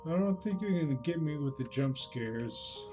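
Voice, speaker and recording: A man's voice: fairly high pitch, animated, moderate pace, over music. A man streaming himself as he watches a scare video, commenting in a dry, unimpressed, mocking way. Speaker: livestreamer reacting to a video. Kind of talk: casual reaction commentary.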